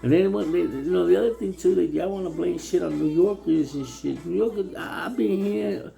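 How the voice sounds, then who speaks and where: Gravelly heated man from New City. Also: high-pitched, a little fast, dark tone, soft background music, poor audio. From New York City. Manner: heated, repetitive, stammers on words, profane. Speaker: local resident. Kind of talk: casual ranting monologue.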